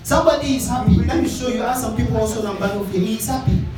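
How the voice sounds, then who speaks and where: A man preaching with energy, shouting and trading calls and responses with a crowd. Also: extremely high pitch, very fast. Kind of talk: sermon. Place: large conference hall. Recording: echoey hall from far off with music.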